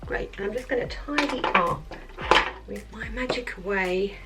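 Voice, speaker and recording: A woman vlogger chatting in a rambling way through a makeup tutorial at her office, sometimes dropping to soft murmurs. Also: mid-range voice, measured pace. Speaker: beauty vlogger. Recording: mic at a distance, faint background music.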